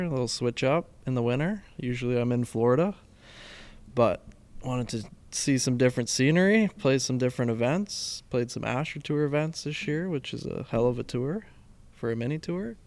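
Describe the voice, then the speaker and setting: A man's voice: medium pitch, lively intonation, moderate pace, darkish tone. Laid-back young man. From Canada. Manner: laid-back, self-deprecating. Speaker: professional golfer guest. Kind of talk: casual interview chat.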